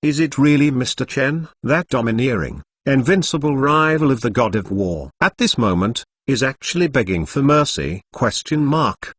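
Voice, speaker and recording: A man's voice: mid-range voice, expressive, normal speed, hardly any pauses, husky, no room sound. A computer-voiced man narrating a web novel, reading out punctuation marks in stilted phrasing. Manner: reads punctuation marks aloud.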